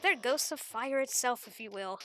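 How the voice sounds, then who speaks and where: A woman's voice: on the high side, animated, normal speed, a bit bright, soft background music. A woman voicing an eccentric, chatty old male professor who lectures in a folksy way, calling the listener sonny and feller.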